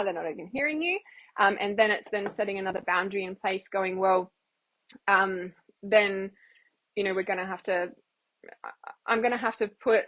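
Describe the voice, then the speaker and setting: A woman's voice: mid-range voice, a bit bright. A woman hosting a casual livestream Q&A as an intuitive healer, chatting loosely and acting out little quoted exchanges.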